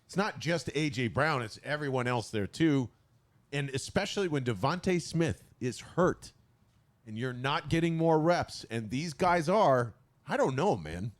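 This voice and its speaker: A man hosting a podcast in a casual sports chat, animated and quick to swear. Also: mid-range voice. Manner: animated, excitable, swears freely. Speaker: podcast host.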